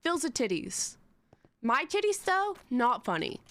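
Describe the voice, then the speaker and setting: A woman's voice: sits high, very animated, measured pace, a bit bright, dry recording. A young woman streaming live, chatting in a rambling, giggly, self-mocking way to her chat.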